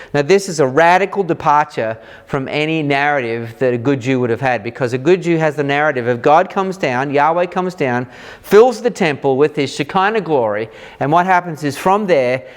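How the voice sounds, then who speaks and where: Man teaching the Bible conversationally. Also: a little high. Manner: animated, acts out reactions in lively quoted voices; informal, with fillers and restarts.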